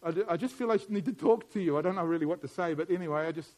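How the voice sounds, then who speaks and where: Casting note: middle-aged male preacher, higher voice, sermon that swings from soft asides to forceful emphasis. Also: very fast. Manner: swings from quiet musing to loud, emphatic preaching.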